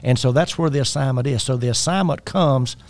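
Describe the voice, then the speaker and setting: Man, life coach, earnest and exhorting, dry close-miked sound, mid-pitched voice. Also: a little fast, no room sound. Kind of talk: faith-based coaching talk.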